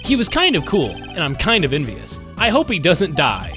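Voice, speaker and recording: A man streaming a game live, chatting casually with his viewers, excitable and swearing freely. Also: fairly high pitch, moderate pace, over music. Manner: excitable, swears, talks to chat.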